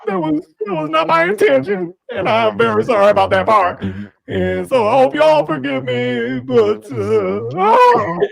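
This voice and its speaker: A gravelly weepy virus-man. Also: very high voice, sing-song, a little slow, no room sound, voice pushed up, full character voice. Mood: tearful apology. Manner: tearful, apologetic drawl. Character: coronavirus as emotional old man. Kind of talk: comedic character voice on podcast.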